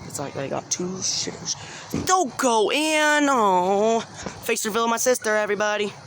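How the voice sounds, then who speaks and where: A man's voice: sits high, expressive, moderate pace, fairly bright tone. Jumpy, swearing man vlogging fireworks outdoors. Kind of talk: casual vlog commentary. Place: outdoors at night during fireworks. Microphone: handheld phone camera. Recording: noisy outdoor phone recording.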